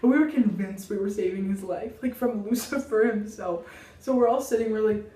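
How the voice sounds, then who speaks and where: Animated young woman telling a story. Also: medium pitch, a little fast. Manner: animated, dramatic, heavy on "like". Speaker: vlogger. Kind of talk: casual storytime. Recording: roomy, mic at a distance.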